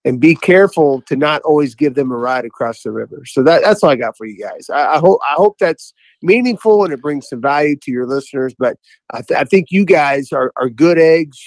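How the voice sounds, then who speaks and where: A man's voice: a little high, expressive, fairly quick, dry recording, rough recording. A man calling in to a podcast, telling a story in a rambling, enthusiastic way, full of restarts. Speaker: caller to a podcast. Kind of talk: casual chat, storytelling.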